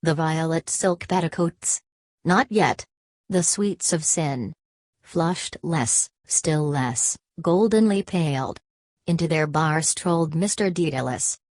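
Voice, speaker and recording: A woman reading a literary audiobook in a measured, unhurried way. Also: low-pitched, darkish tone, no room sound. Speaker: audiobook narrator.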